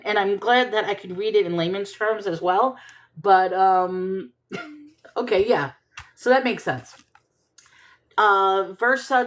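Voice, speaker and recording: A woman reading scripture aloud at a slow, careful pace, then breaking off to puzzle over it in plain, questioning asides. Her pitch sits in an ordinary middle range for a woman. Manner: thinks aloud, questioning and self-correcting; reads scripture slowly and deliberately. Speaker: Bible reader and commentator. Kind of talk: casual Bible reading with commentary.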